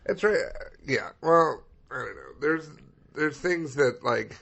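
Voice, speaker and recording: A man's voice: a little high, lively intonation, slow pace, gravelly, a bit bright, husky. A man co-hosting a comedy podcast, telling rambling stories in a laid-back way. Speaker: podcast co-host. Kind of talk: casual comedy chat. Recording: dull lo-fi podcast mic.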